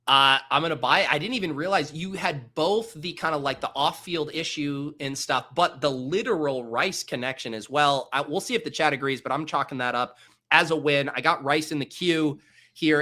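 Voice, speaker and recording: A man's voice: on the high side, moderate pace, bright, forceful tone. Upbeat male podcast host. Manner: upbeat, laughing easily. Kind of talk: casual chat.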